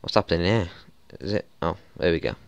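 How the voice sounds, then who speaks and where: A young man with a smooth voice commentating his football management game, frustrated and swearing, with exasperated outbursts. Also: low voice, expressive, brisk. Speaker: gaming YouTuber.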